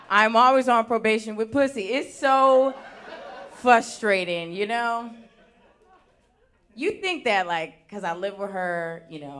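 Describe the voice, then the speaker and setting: A young woman doing a stand-up comedy set on a theater stage, talking with lively, animated swings in loudness. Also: fairly low pitch. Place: theater stage before a live audience.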